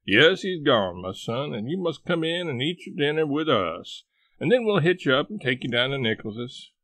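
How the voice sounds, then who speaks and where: A kindly old Southern gentleman, as a male narrator reads him, warmly insisting a guest come in. His voice is lightly gravelly and lively in pitch, recorded close and dry. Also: normal speed, no echo. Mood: hospitable.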